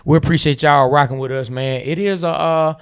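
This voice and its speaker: A man's voice: on the high side, fairly even intonation, brisk, clean tone. Laid-back podcast host, man. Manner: laid-back, keeps tagging sentences with "man". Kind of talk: casual sports podcast chat.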